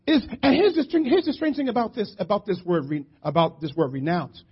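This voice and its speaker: A middle-aged man from West Philadelphia preaching a sermon, animated and storytelling, shouting for emphasis. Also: sits high, a little fast, few pauses, husky. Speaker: pastor. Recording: muffled lo-fi church audio.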